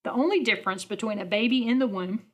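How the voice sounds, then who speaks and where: A woman's voice: fairly high pitch, fast, a bit bright. A woman from a pregnancy center making an earnest, persuasive appeal to an audience at an event. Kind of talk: speaking at a fundraising event.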